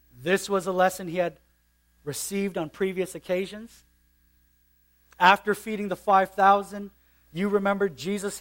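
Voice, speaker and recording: A man preaching a sermon earnestly, stressing and slowing on key phrases. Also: high-pitched.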